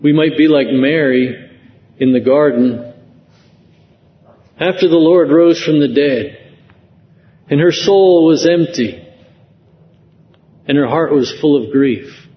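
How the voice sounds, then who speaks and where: Male preacher, slow and earnest, somewhat high voice, lo-fi church-hall recording. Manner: slow, earnest preaching with rising emotional emphasis. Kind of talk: sermon. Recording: dull lo-fi sound with long hall reverb.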